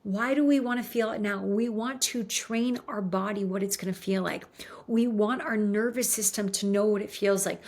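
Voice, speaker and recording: A woman's voice: mid-range voice, normal speed. A woman giving an earnest motivational talk, coaching her listeners and often checking in with "right?". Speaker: motivational speaker.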